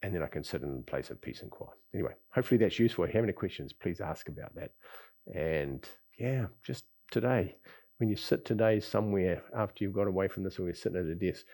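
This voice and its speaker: A man teaching a qigong class, talking in an easygoing, rambling way with sighs and soft chuckles. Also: sits low, animated, quick pace. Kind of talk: relaxed spoken class talk. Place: lives in Bali.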